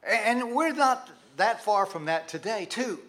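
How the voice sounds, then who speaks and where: A man's voice: high voice, lively intonation, a little slow, a bit bright. A man with a Texan accent, preaching a sermon to a live congregation in a folksy, conversational way. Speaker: pastor. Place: church sanctuary with a live congregation.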